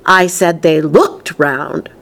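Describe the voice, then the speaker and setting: A woman voicing a brisk, bossy, eccentric man in a storybook reading, emphatic and chirpy. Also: deep voice, fairly even intonation, a bit bright, full character voice.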